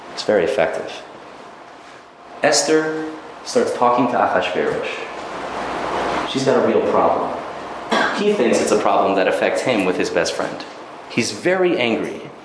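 A man teaching a religious text through dramatic, animated storytelling. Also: medium pitch, background noise. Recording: very echoey room, faint ambience.

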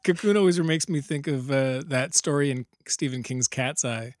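A man's voice: mid-range voice, normal speed, no echo, clean studio sound. A man co-hosting a podcast, chatting casually about old movies, rambling through recollections and laughing a lot. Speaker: podcast co-host.

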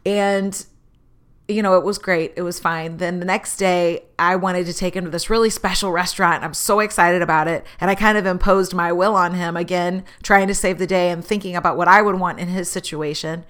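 A woman telling a personal story in a candid, animated way, acting out the voices of people in it. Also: fairly low pitch, fairly quick. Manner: candid, animated, acts out quoted dialogue.

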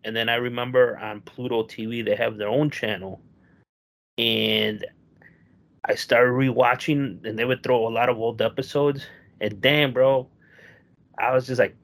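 A man's voice: mid-range voice, fairly even intonation, unhurried, a bit bright. A man in casual chat, rambling and swearing, with lots of fillers, who acts out the people in his story. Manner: rambling, profane, filler-heavy, acts out quotes.

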